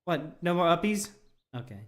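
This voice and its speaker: A man voicing a curious young child in a tabletop role-play, chatty and halting, full of naive questions. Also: fairly high pitch, expressive, close to an everyday voice.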